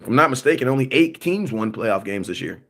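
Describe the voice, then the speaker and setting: A man's voice: medium pitch, big pitch swings, a little fast, fairly bright tone. A man hosting a sports livestream, ranting emphatically in slangy, repetitive talk and answering viewer comments. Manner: emphatic and repetitive, slangy, often asks "you know what I'm saying". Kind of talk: animated livestream rant.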